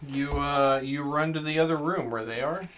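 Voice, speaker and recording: A man narrating as game master, reading monster lore aloud with animated delivery and frequent laughs. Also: fairly high pitch, moderate pace, a little hiss or hum.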